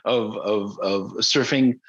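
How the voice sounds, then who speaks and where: A man in casual conversation who speaks in a measured way with wry word choices. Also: lowish voice, fairly even intonation, fairly bright tone, slightly rough, dull audio.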